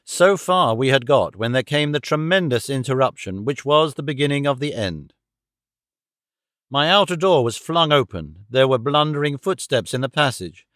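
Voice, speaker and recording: A man narrating a classic detective audiobook with a measured storytelling delivery. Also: on the high side, fairly bright tone, dry recording, studio quality.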